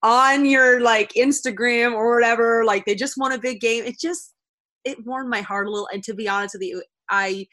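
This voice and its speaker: A woman's voice: on the high side, steady tone, normal speed, a bit bright. A woman co-hosting a sports podcast, chatting casually with plenty of fillers. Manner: laughing easily, lots of fillers. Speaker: podcast co-host.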